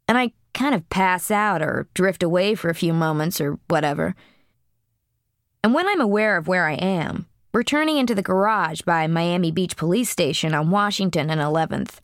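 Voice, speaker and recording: Woman narrating a blunt first person story, lots of pitch movement, dry studio mic. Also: expressive, moderate pace, no room sound. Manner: blunt, profane, vivid first-person telling.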